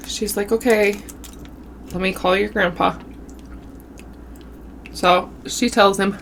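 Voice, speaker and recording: Slow-talking woman telling a spooky story. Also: mid-range voice, a little hiss or hum. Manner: animated storytelling with southern-style "y'all". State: runny nose. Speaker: mukbang vlogger telling a story. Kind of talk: casual storytelling. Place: home, eating on camera.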